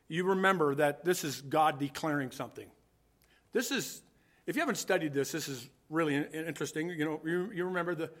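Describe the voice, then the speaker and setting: A man with a high, bright voice preaches a sermon in a loose, conversational way. He thinks out loud, circles back and restarts his sentences as he explains scripture.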